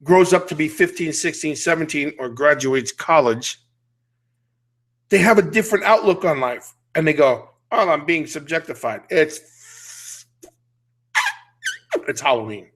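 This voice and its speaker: A man's voice: fairly high pitch, lively intonation, unhurried, long pauses. Blunt, ranting middle-aged man. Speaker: podcast host. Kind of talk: casual chat.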